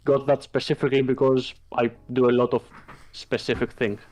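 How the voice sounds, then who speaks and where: A man playing in a tabletop game, making loud, blunt remarks. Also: medium pitch, level tone, brisk. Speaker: player. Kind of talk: casual tabletop game chat.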